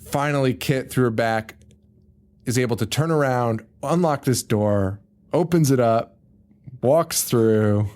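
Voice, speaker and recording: On a casual podcast, a male co-host with an unhurried, mid-range voice walks through a movie's plot. He voices the characters, screaming their lines, laughing and cursing without holding back.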